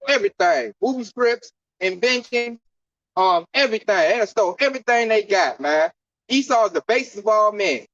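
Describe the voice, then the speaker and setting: At an outdoor camp gathering, a man preaches and teaches scripture street-sermon style, fiery, slangy, and preachy. His voice sits high and a bit bright, animated at normal speed. The recording is dull, lo-fi, and dry.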